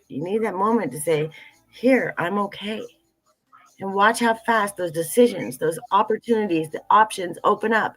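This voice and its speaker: A woman's voice: medium pitch, dry recording, poor audio. A middle-aged woman talking earnestly in a livestream conversation, repeating phrases and using many fillers. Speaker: tea business founder, guest.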